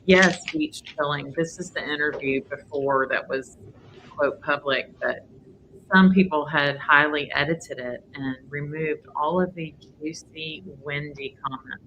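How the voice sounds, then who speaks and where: A woman's voice: sits low, a little slow, pushed and bright, slight background noise, rough recording. A woman with a Southern accent hosting a live stream, chatting casually as she reacts to a clip. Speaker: livestream host. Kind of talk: casual true-crime commentary.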